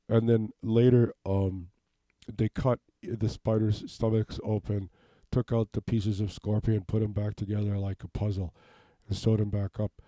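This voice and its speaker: Man, improvised comedy monologue, deadpan rambling, dark mellow voice, dry room. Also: lowish voice, no echo. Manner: rambling, deadpan, keeps asking "okay?". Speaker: comedic self-tape performer. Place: home basement.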